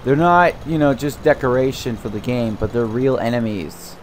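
A young man commenting on a video game as he plays, ranting angrily about his family and swearing, his throat sore from yelling. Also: mid-range voice, moderate pace, slight background noise. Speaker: let's play host. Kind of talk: gameplay commentary.

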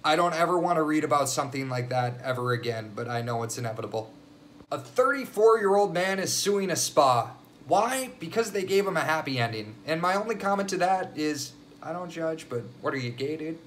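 A man's voice: on the high side, animated, brisk, fairly bright tone, slight background noise. A young man vlogging casual news commentary, crude and sarcastic, swearing freely.

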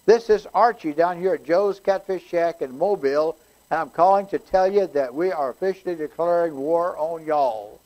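A man's voice: a little high, moderate pace, a little mellow, lightly acted, low-quality recording. A man voicing a folksy small-town Southern caller with a Southern accent, drawling and plainspoken while reading a joke aloud.

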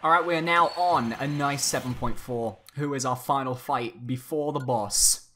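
A young man giving animated let's-play commentary, exclaiming and swinging between excitement and exasperation. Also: mid-range voice, moderate pace, a little hiss or hum. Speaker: gaming YouTuber. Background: game music.

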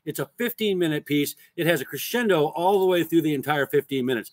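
A man's voice: on the high side, brisk, hardly any pauses, no echo. A man teaching a casual drum lesson, explaining parts in a loose, plain way and counting rhythms aloud.

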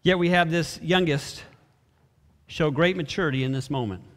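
A man's voice: on the high side, moderate pace. A man preaching a sermon as a pastor, reading scripture and briefly acting out the characters. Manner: expressive preaching, acts out brief voices of biblical characters. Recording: reverberant hall.

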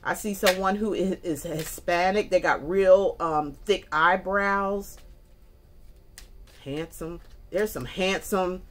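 A woman's voice: fairly low pitch, slow pace. A woman giving a casual spoken tarot reading, chatty and folksy, talking straight to her viewers. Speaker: tarot reader. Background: faint music.

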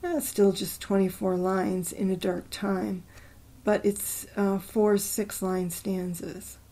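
Unhurried woman host, casual poetry chat, thinks aloud as she goes. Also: mid-range voice, level tone, mellow. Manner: thinking aloud, murmuring syllable counts under her breath; slow and unhurried, with fillers. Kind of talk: casual talk about poems, reading aloud.

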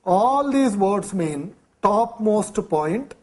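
A man with a fairly high voice delivers a vocabulary lecture. He speaks slowly and deliberately, walking through example sentences and listing synonyms one at a time. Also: expressive.

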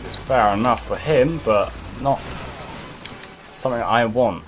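A man's voice: mid-range voice, unhurried, faint music behind. A man commentating over his own gameplay in a frustrated manner, swearing often. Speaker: gaming commentator.

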